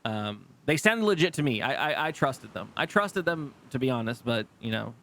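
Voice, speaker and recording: A man's voice: mid-range voice, big pitch swings, normal speed, gravelly, few pauses, a bit bright. Chatty, rambling male streamer. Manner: rambling, lots of restarts and fillers; swears freely, laughs easily. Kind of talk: casual live gameplay commentary.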